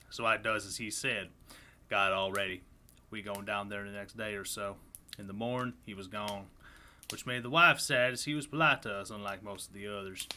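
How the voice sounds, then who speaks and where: Man as scared, rough-talking farmer, low and forceful. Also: a little hiss or hum. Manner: rough folksy grammar, grim. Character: frightened uneducated male farmer writing diary.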